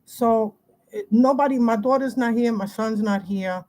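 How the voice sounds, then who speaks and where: A woman's voice: a little high, normal speed, a little mellow. Agitated, rambling middle-aged woman livestreaming. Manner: agitated, rambling, restarts often. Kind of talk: casual livestream talk. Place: home.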